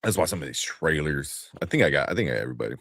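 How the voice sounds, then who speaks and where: A man in his thirties co-hosting a casual movie news stream, telling family stories and acting out quotes in a high voice. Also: lively intonation, very fast, vocal fry, a bit bright, no room sound, studio quality. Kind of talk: casual chat.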